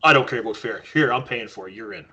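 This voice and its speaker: A man's voice: medium pitch, quick pace, breathy edge. A man from Canada, a podcast guest, telling casual stories and acting out quoted lines. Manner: animated storyteller acting out quotes. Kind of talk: casual storytelling.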